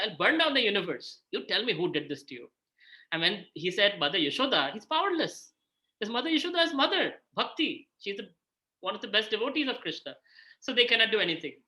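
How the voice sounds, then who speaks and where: Animated Indian man teaching scripture. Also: high voice, low-quality recording. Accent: Indian English. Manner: animated storytelling, acts out quoted voices. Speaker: spiritual teacher. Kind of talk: informal scripture talk.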